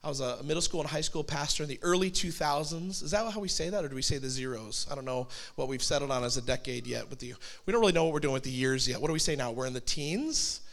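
A man's voice: mid-range voice, quick pace, few pauses, fairly bright tone. A man in his forties preaching a sermon as a pastor, telling stories in a conversational way with asides. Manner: storytelling, conversational with acted quotes and asides.

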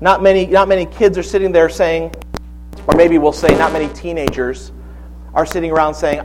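A male pastor in his forties delivers a sermon with a slightly higher-than-usual voice. He tells personal stories with animated energy and humorous asides before turning to scripture. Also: brisk, slight background noise, poor audio.

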